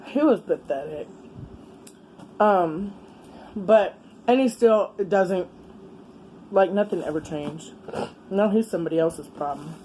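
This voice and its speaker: A middle-aged woman, chatting casually as a vlogger while eating, exclamatory and quick to laugh. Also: fairly low pitch, dark tone, a little hiss or hum. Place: home, with a fan running.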